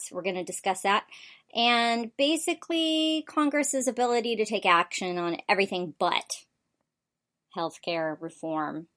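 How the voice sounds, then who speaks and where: A woman hosts a political talk show from the United States, rushing through an opinionated monologue. Her talk is quick and packed with ums, uhs and restarts as she presses her points. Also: mid-range voice. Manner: rapid with frequent fillers and restarts.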